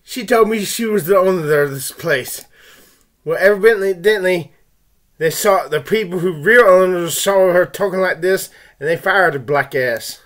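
Vlogger, male, high-pitched, crude rambling rant full of restarts and jeers. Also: a little slow, fairly bright tone, poor audio. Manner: angry, taunting outbursts. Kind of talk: rambling profane rant to camera.

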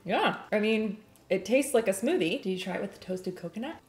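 A woman's voice: mid-range voice, lively intonation, brisk, a little mellow. A young woman chatting casually through a cooking vlog in her home kitchen, bubbly and giggly. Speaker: cooking vlogger. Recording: echoey kitchen room.

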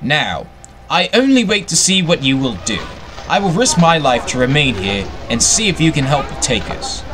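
A man voicing a quiet, pale male servile spy in a game, speaking in a measured, formal way. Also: on the high side, sing-song, over music. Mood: solemn.

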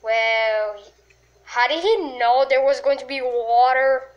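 A woman commenting on a game she is playing, excitable and full of yelps and exclamations. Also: sits high, takes it slowly, dull audio. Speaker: gamer. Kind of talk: let's play commentary.

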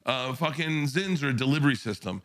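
A man's voice: medium pitch, fairly quick. A man who is a comedian guest, chatting casually on a podcast and telling profane, enthusiastic stories while acting out the voices. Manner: animated storyteller, acts out voices.

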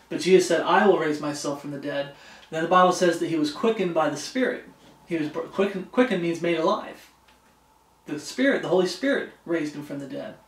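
A man preaching an expository Bible sermon as pastor. He reads scripture aloud and keeps checking in with his listeners by asking "Okay?". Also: high voice. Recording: echoey room, voice from a distance.

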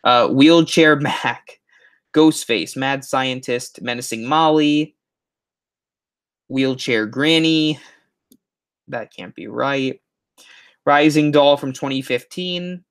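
A man's voice: mid-range voice, takes it slowly, long pauses, smooth. A man hosting a livestream on a headset, chatting casually and reading out viewer comments in a rambling way. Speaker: YouTube livestream host.

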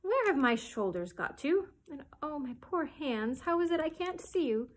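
A woman's voice: sits high, sing-song, moderate pace, voice pushed up. A children's librarian voicing a polite, bewildered little girl who answers earnestly and indignantly. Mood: amazed.

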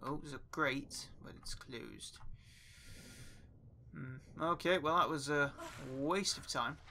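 A man's voice: a little high, slow, vocal fry, pushed and bright, slight background noise. A young man casually commenting while playing a game, chatty, swearing often and talking to himself. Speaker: gaming YouTuber. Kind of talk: casual let's play commentary.

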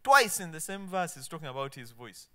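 A man preaching a sermon, quoting scripture emphatically and dropping to soft asides. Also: a little high, big pitch swings, fairly quick. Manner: emphatic, swinging between loud proclamation and soft asides.

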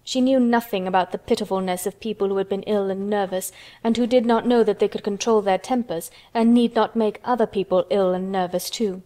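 A woman reading a children's storybook aloud in steady, measured narration. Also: mid-range voice.

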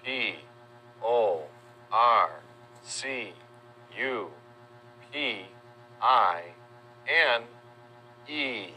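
A man narrating a children's educational video, spelling out words letter by letter in a friendly, deliberate way. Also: medium pitch, expressive, sharp tone, slight background noise. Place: voice-over.

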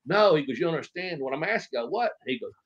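A man's voice: a little high, lively intonation, fast talker, a bit bright, husky. Rambling, swearing man telling wrestling stories. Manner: rambling anecdotes, acts out quoted voices, swears freely. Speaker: interview guest, former wrestler. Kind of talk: casual storytelling interview. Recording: dull lo-fi podcast audio.

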